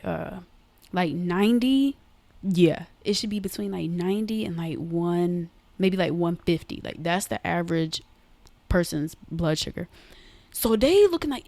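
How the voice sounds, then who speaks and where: A young woman tells her own story to her listeners in a loose, chatty way, often calling them y'all. Her voice sits low and has a gravelly fry. The sound is close and dry, with no room echo. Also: darkish tone. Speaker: podcast host. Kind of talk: casual storytelling to viewers.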